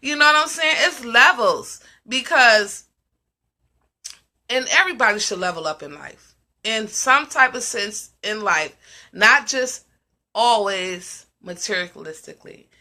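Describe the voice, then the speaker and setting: Emphatic woman with a bright, ringing voice. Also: on the high side, animated, measured pace. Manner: emphatic, repeats questions. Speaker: host of a live discussion. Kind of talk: casual live-stream talk.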